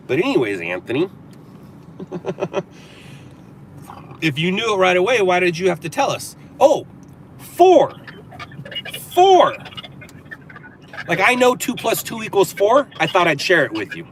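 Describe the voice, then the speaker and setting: A man's voice: sits high, big pitch swings, moderate pace, pauses often, a bit bright, a little hiss or hum. A man from Southern California hosting a casual livestream, talking back to viewer comments in a sarcastic, riffing way. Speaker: livestream host. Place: in a car.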